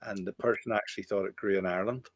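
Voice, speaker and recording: A man chatting casually as a podcast co-host, dropping in short dry remarks and quick stories. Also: on the low side, fairly even intonation, no room sound. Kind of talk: casual chat.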